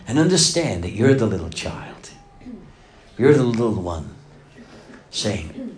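A middle-aged pastor preaching a sermon, dropping to hushed lines and then swelling to loud, emphatic passages. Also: male voice, on the low side, big pitch swings, slow, long pauses.

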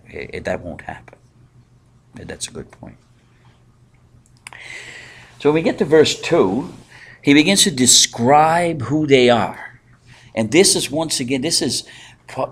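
A man leading a Bible study in a conversational way, pausing with fillers and asking the group questions. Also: mid-range voice, sing-song, husky. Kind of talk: interactive Bible teaching.

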